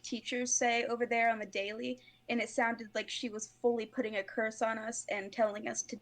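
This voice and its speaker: A woman playing a tabletop game, chatting casually and telling a story with lots of "like". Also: fairly high pitch. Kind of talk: casual chat.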